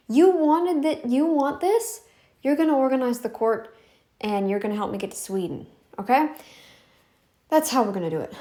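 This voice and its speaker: Speaking to camera in a casual, insistent manner, a woman vlogger says things again and again, stretching out emphatic phrases. Her voice sits high and sounds a little mellow.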